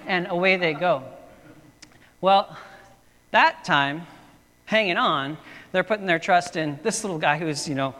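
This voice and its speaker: A man's voice: high voice, measured pace, long pauses, pushed and bright. Chatty preaching man in a reverberant hall. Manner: casual storytelling with frequent fillers and restarts. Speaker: pastor. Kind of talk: sermon.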